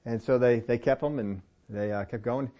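A middle-aged man preaching a sermon, telling personal stories in a relaxed, conversational way and often rising in pitch to press a point. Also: moderate pace, dull audio. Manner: conversational storytelling with lively pitch swings and laughs. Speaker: pastor.

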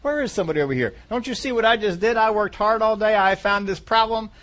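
Self-important complaining worker, pitched higher, as a man preaching puts him on. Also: fast, a bit bright. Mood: indignant. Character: indignant worker demanding thanks, adult man.

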